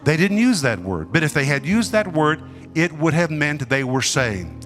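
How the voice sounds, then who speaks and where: A man preaching a sermon with emphatic, dramatic delivery, pausing and swinging between loud and soft. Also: a little high, sing-song, faint music behind.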